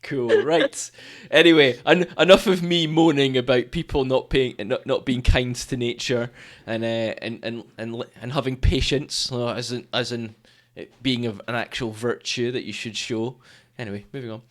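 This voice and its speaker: A man's voice: medium pitch, moderate pace, few pauses. A man co-hosting a casual nature chat, telling stories and acting out the people he quotes. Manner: animated storyteller, acts out quoted people. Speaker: podcast co-host.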